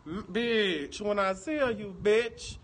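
A man's voice: sits high, slow pace, a bit bright, slight background noise. A man with a Detroit accent doing a livestream, chatting with viewers in a brash, profane, teasing way. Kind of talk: casual livestream chat.

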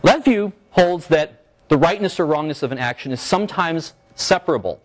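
Joking and animated, a man delivers a philosophy lecture to a seminar, his voice a little high. He stumbles through restarts and fillers and keeps asking the room "right?".

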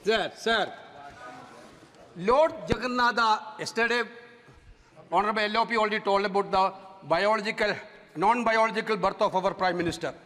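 A man with a Malayali English accent giving a forceful parliamentary speech, repeating himself and rising to shouts. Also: sits high, normal speed, pauses often. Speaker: member of parliament. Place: parliament chamber. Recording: long chamber reverb.

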